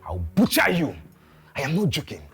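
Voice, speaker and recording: A threatening Nigerian gang enforcer who raises his voice to shouts. His pitch swings widely, and soft music plays under the scene. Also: huge pitch swings, fairly quick. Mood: menacing. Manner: threatening, loud, repetitive. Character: menacing adult male debt collector gangster. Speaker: gang member demanding a debt. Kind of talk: Nollywood film acting.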